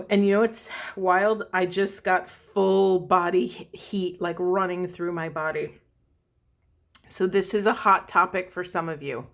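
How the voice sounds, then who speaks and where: A woman's voice: fairly low pitch, fairly even intonation, a little slow. A woman spiritual coach talking casually to her viewers, earnest and rambling, often checking in with asides. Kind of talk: casual spiritual talk to camera.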